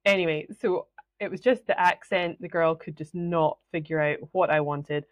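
Scottish lady chatting on her podcast, kinda low voice, dry close sound. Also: fairly even intonation, normal speed, no echo. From Scotland. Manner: chatty, laughs often, acts out quoted voices. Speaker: podcast host. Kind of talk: solo podcast storytelling.

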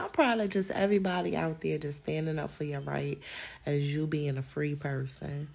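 A woman's voice: deep voice, mellow. A young woman, hosting a podcast and talking casually and animatedly to her listeners, full of slang and laughter. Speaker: podcast host.

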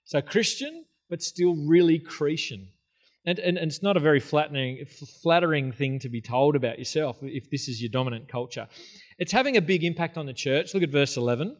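A man preaching in a church with a slightly higher voice than most men. He keeps it casual and conversational, dropping in jokes and asides as he teaches. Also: expressive, fast talker. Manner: casual, joking, conversational preaching with filler words. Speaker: pastor. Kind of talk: sermon. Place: church hall.

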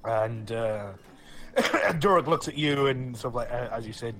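A man's voice: mid-range voice, expressive, measured pace, fairly bright tone, a little hiss or hum. A man narrating as game master of a tabletop role-playing game, rambling with many restarts.

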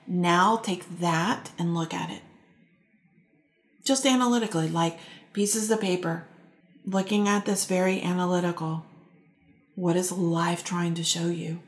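Calm woman life coach in a roomy space. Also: on the low side. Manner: calm, reflective, coaching with slow pauses. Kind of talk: guided self-help talk to listeners.

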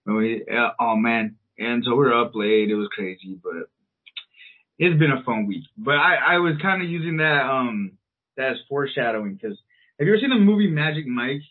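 With an expressive mid-range voice at a moderate pace, this man in his thirties co-hosts a podcast and tells a meandering, swear-laden story stuffed with fillers. It's casual storytelling chat, captured with tinny, phone-style sound.

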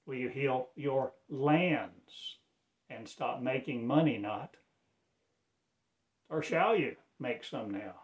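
Man, self-appointed preacher, very slow delivery, rambling pleading sermon. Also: mid-range voice. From Arkansas, USA. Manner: slow, pleading, loosely strung phrases. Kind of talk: rambling religious address.

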